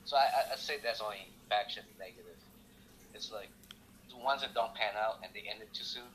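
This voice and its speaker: Man, co-host, blunt and opinionated, bright voice, faint background noise. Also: on the low side, brisk, low-quality recording. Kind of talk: casual wrestling chat.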